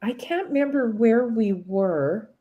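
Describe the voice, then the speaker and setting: A woman's voice: fairly high pitch, lively intonation, unhurried, phone-quality sound. A middle-aged woman recounting a personal ordeal as an interview guest, rambling with many restarts and strong emotion.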